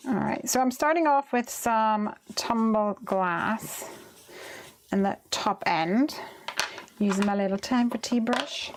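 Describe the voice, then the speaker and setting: A woman's voice: on the high side, slow pace, slight background noise. A woman hosting a live card-making stream, chatting casually as she works, reading viewer comments aloud and laughing often. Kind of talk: casual chat while crafting.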